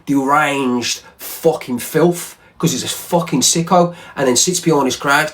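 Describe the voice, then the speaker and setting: A man's voice: a little high, normal speed, hardly any pauses, a bit bright. A man ranting angrily on a livestream, swearing and repeating himself. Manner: heated, profane, repetitive. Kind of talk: angry livestream rant.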